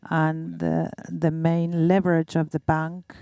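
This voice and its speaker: A woman from Uruguay, speaking on a banking panel in a measured, slightly halting way. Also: sits low, monotone, creaky, dark tone, no echo, muffled recording. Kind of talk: panel discussion answer.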